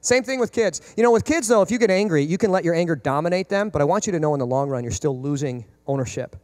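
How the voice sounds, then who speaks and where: A man in his thirties, a pastor preaching a sermon, animated and acting out quoted parents and kids. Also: fairly high pitch, quick pace, long reverb tail.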